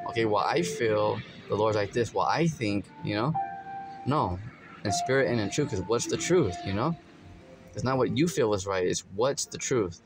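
Low-voiced man preaching casually over music. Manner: conversational, many "you know" fillers, acts out everyday quotes. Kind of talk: casual sermon with scripture reading. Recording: music playing under the voice.

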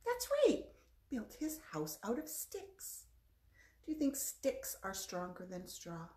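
Animated woman leading a kids' storytime. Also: mid-range voice, slow pace. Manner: animated, playful, talking to young children. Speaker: children's librarian. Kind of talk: children's storytime. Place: library. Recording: echoey room.

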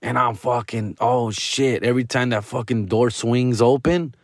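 A man's voice: medium pitch, moderate pace, no room sound, clean studio sound. A male comedian hosting a podcast, telling a story in a rambling, profane way, peppering it with Spanish slang. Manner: rambling, restarts often.

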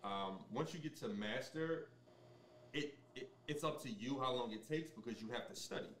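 A man speaking as a sommelier guest in a casual interview, explaining things in a relaxed way with many ums and restarts. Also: medium pitch, normal speed, roomy sound, distant mic, slight background noise.

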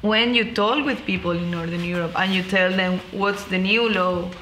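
A panelist, making a measured, explanatory argument in a debate. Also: medium pitch, fairly even intonation, sharp tone, slight background noise, low-quality recording.

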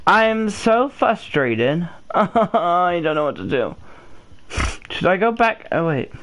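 Exasperated gamer with a lively voice. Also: medium pitch, slow pace. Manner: exasperated, loud outbursts. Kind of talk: casual let's-play commentary.

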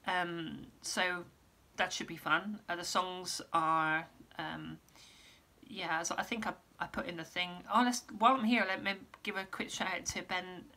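Woman, casual vlogger, losing her voice, lowish pitch, rambly. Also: fairly even intonation, measured pace, pushed and bright. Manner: rambling, lots of ums and restarts. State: losing her voice, clearing throat. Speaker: musician giving an update. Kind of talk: casual vlog update.

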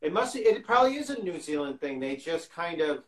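A man's voice: fairly high pitch, very animated, brisk, fairly bright tone. Guy cohosting a live video chat, kinda rambly, echoey room on the call. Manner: rambling, restarts his sentences. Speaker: co-host. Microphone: video call on a phone or laptop. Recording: roomy echo on a video call.

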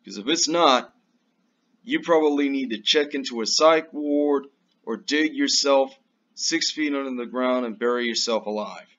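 A man's voice: medium pitch, a bit bright. A man hosting his own show, ranting emphatically with lots of profanity in a political commentary. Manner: slow and drawn out. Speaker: show host. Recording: dull lo-fi recording.

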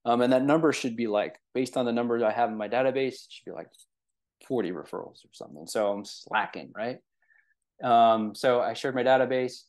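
Here a man talks briskly at a medium pitch, his tone on the dark side. It's a laid-back real estate training where he frequently checks in with listeners, peppering his speech with fillers and "right?".

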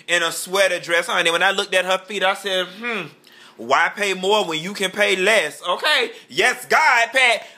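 Sassy high-voiced male gossip vlogger. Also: sharp tone. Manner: sassy, drawling, peppered with "honey" and "child"; throws playful shade. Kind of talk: campy gossip commentary.

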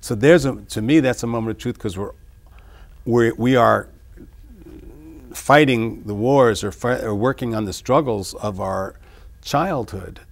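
A man discussing his own song lyrics in an interview, reading lines and then explaining them in a musing, halting way. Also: medium pitch, vocal fry. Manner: halting, many restarts. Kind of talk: reflective interview talk.

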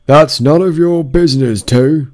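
A man reading an audiobook, voicing an indignant male card gardener in drawn-out outbursts. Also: fairly high pitch, a little mellow, no room sound, voice pushed up, close to an everyday voice.

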